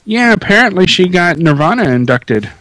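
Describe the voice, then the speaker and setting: A man trading jokes on a casual talk show, teasing his co-host and laughing often. His pitch swings around a lot as he talks. The sound is dry and close to the mic. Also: big pitch swings, moderate pace, fairly bright tone, no room sound, poor audio. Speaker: podcast co-host. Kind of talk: casual chat show banter.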